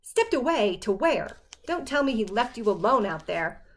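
A woman's voice: on the high side, very animated, moderate pace. A woman reading a tense, stern mother. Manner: tense, firm. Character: worried, stern middle-aged mother.

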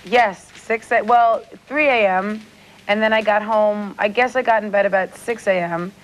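A woman's voice: mid-range voice, steady tone, moderate pace, slight background noise, rough recording. A woman appearing as a guest on a talk show by remote link, chatty, giggly and self-deprecating. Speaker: celebrity guest. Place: remote link from New York.

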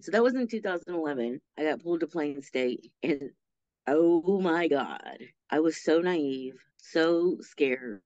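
A woman guest telling her story in an interview, animated and acting out the voices of people she quotes. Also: low-pitched, unhurried, dry recording, lo-fi sound. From Texas.

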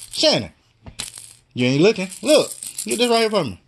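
A young father coaxing his baby to crawl, playful and teasing, dipping low and jumping into high baby talk. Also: wildly swooping pitch, slow, long pauses, background noise.

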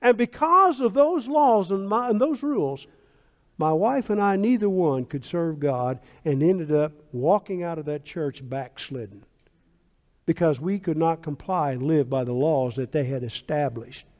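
A pastor preaching a sermon in a church sanctuary, animated and storytelling, with emphatic asides. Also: male voice, on the high side, unhurried. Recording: long hall reverb.

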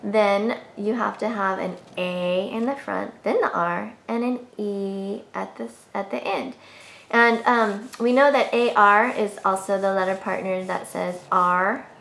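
A woman's voice: mid-range voice, steady tone, a little slow, gravelly, a bit bright. A woman teaching a children's reading lesson, sounding out letters in a sing-song, encouraging way. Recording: echoey room with faint hiss.

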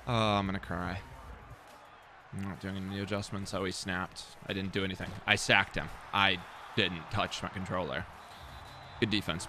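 A man's voice: lowish voice, pushed and bright, slight background noise. A young man muttering casual commentary to himself while streaming a football video game, self-deprecating and swearing.

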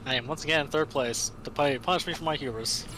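A man's voice: on the high side, fast talker, heavy background noise. A man in a casual gaming chat, easygoing and rambling.

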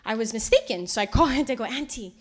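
A woman giving a lecture, telling stories in an animated way and acting out the voices of people she quotes. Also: fairly high pitch, quick pace. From Hawaii. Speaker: lecture presenter. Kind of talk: storytelling lecture.

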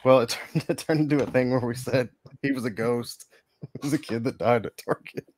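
A man's voice: mid-range voice, a little fast, a little mellow. A man hosting a casual livestream from his hobby room, telling rambling, laugh-filled stories. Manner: laughs often, rambling anecdotes. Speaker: livestream host. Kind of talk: casual chat.

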